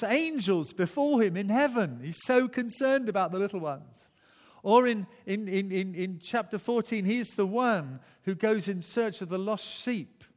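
A man preaching a sermon in a relaxed, conversational way, often restarting phrases and chuckling. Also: high-pitched, in a large hall.

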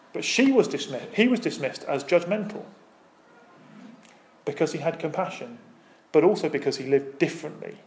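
A man's voice: a little high, gravelly. A man preaching a sermon as pastor, speaking with emphatic, rising and falling intensity and asking the congregation rhetorical questions.

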